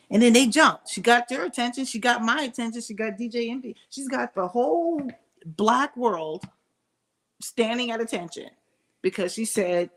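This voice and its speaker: A woman's voice: medium pitch, animated, normal speed. A middle-aged woman giving candid, opinionated commentary in a casual vlog, thinking aloud with frequent restarts and asides. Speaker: commentary vlogger.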